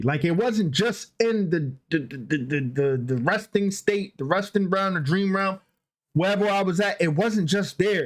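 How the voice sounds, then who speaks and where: A young man on a podcast telling a story in a loose, slangy way, repeating filler phrases as he goes. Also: on the high side. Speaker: podcast co-host. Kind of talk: casual storytelling.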